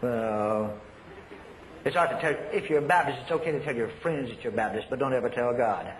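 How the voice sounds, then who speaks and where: A man's voice: medium pitch, brisk. An older man preaching a sermon in a folksy, emphatic way, laughing as he tells his stories, in an echoey hall recording with faint noise.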